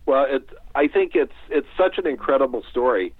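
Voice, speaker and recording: A man's voice: medium pitch, animated, moderate pace, breathy edge, dry recording. A man, an author, telling stories in a radio interview, enthusiastic and rambling, repeating words as he searches for them. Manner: enthusiastic, digressive, repeats words while thinking. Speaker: author guest. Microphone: telephone. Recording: tinny phone line.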